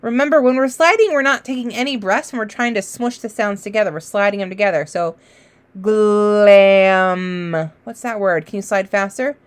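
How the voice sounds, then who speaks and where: A woman teacher giving a children's phonics lesson, encouraging and sounding out letters slowly. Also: a little high.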